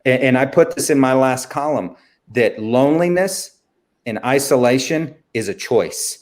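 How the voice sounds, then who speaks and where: An earnest man with a mid-range voice talks in a faith interview, leaning into a warm, preacherly delivery. He speaks to the audience directly, as if to a friend. His speech is heartfelt and steady. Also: mid-range voice, measured pace. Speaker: guest speaker.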